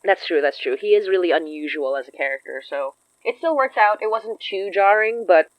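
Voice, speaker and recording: A woman co-hosting a podcast about her audio drama, talking in a quick, chatty way and laughing often. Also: medium pitch, animated, no room sound, highs cut off. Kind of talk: casual chat.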